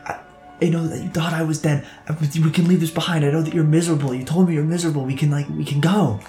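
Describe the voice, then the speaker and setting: A game master doing a soft-spoken, pleading husband. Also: mid-range voice, steady tone, fast talker, natural voice. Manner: soft, earnest, rambling. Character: pleading, overly friendly husband and father. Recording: echoey room with faint music.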